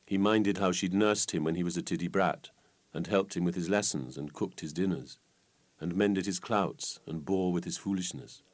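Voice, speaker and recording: A man reading an old folk tale aloud with lively, expressive storytelling. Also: sits low, normal speed.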